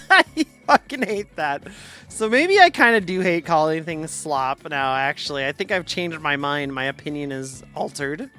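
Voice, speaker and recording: Bright-voiced rambling woman streamer. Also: sits low, animated, soft background music. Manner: rambling, jokey, quick to laugh at herself. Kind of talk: casual chat.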